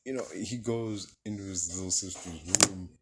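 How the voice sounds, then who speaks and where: A man's voice: deep voice, steady tone, normal speed, a bit bright, slight background noise. A man giving a casual, rambling film review, swearing freely and filling his sentences with "like" and "you know.". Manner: rambling, profane, heavy use of filler words. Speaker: movie reviewer.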